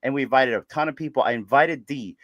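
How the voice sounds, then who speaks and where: Male podcast host, animated profane storyteller, dry close sound. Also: mid-range voice, fast, no echo. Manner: animated, profane, laughs often. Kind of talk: casual storytelling chat.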